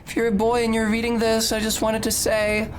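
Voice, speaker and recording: A woman voicing a giddy young woman obsessed with the smell of boys, squealing and drawn-out. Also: on the high side, completely flat delivery, slight background noise, pitched above the performer's own voice, lightly acted. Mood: swooning.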